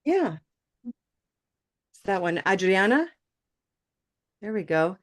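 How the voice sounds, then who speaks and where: Woman, pronunciation teacher, live online class, encouraging, mid pitch. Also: sing-song, drawn-out words. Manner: encouraging, asks "okay?" often.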